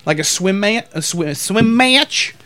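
A young man with a high voice talks crudely with his co-host, swearing freely and laughing. He bursts into loud shouted impressions. The sound is dry and close. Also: lively intonation, unhurried, dry recording. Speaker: podcast co-host. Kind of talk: crude casual banter.

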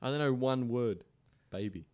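A man bantering on a casual podcast with a lively, joking manner. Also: medium pitch, normal speed. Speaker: podcast regular. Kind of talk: casual chat.

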